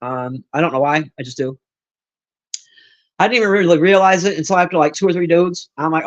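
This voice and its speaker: Loud foul-mouthed woman in her 50s, chatting on stream from her room, roasting the chat. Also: fairly low pitch, a little fast, pauses often, lo-fi sound. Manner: loud, brash, profane, teasing and roasting. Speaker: livestreamer chatting with viewers. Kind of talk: casual live-stream chat. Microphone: own desk mic.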